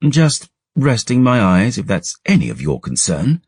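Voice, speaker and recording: A man voicing a haughty, sharp-tongued young noblewoman who speaks crisply and curses freely. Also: fairly low pitch, wildly swooping pitch, a little slow, no echo, pitched above the performer's own voice, exaggerated voice.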